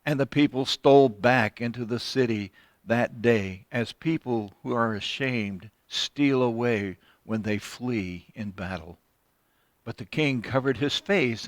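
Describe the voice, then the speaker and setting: A man's voice: medium pitch, no echo. A man hosting a casual Bible study from a recording studio, praying and reading scripture in a folksy, conversational way and correcting himself as he goes. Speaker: host and Bible study teacher.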